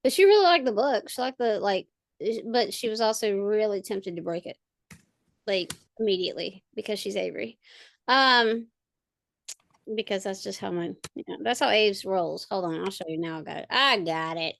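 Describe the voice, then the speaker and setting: Rambling woman with a gravelly voice. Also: mid-range voice, normal speed, a bit bright. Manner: rambling, full of fillers and restarts. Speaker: podcast co-host and parent. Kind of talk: casual chat. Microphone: video call.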